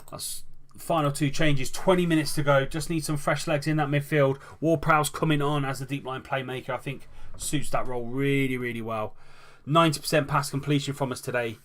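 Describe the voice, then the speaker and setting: A man's voice: medium pitch, steady tone, fairly quick, a bit bright. Guy playing a football manager game, commentating the match like it's live, voice lifts at the goals. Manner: calls the match like a commentator, lifting his voice at goals.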